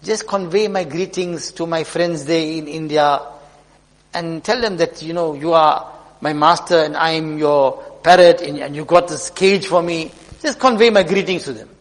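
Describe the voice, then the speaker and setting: A man voicing a wise caged pet parrot that gently teaches its master, in an earnest storytelling tone. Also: a little high, normal speed, pitched below the performer's own voice, natural voice. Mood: gentle. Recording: long hall reverb.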